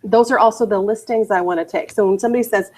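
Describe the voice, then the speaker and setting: A woman leading a real estate training class, emphatic and energetic, often checking in with "okay" and "you guys". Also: medium pitch, quick pace, low-quality recording. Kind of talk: training lecture to agents. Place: training room.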